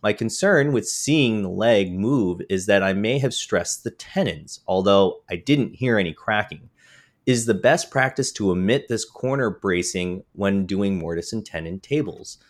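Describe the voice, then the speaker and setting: ポッドキャストで木工の質問に答える男性。言いよどみやフィラーが多く、しゃっくりが出ている。. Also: male voice, fairly low pitch, animated, measured pace. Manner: hesitant, many fillers and restarts. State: has the hiccups. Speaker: podcast co-host. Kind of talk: casual chat.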